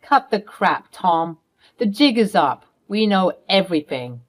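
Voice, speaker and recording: A woman's voice: mid-range voice, sing-song, measured pace. A woman voicing a protective middle-aged mother who confronts her husband firmly. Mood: accusing. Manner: firm, accusing, commanding.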